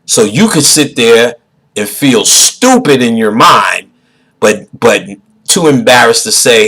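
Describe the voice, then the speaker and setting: A man, a podcast host giving a profane, preachy monologue that swings into loud outbursts. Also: medium pitch, lively intonation, a little slow, rough recording.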